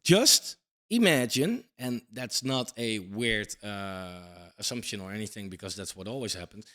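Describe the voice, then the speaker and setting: A man's voice: on the low side, lively intonation, measured pace, pushed and bright. A man in his thirties giving a casual crypto commentary monologue, blunt and emphatic, swearing casually and tagging points with "right?". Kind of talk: casual talking-head monologue.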